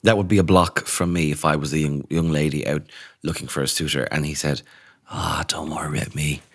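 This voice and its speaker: A man co-hosting a comedy podcast, riffing in a dry, deadpan way. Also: rumbling low, quick pace. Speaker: podcast co-host. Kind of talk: casual comedic chat.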